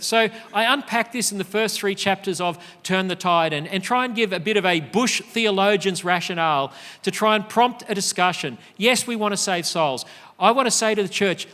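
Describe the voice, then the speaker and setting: A man's voice: high voice, normal speed, bright, forceful tone, long reverb tail. A middle-aged Australian man giving an earnest, emphatic conference speech, with frequent fillers. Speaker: speaker. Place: large conference hall.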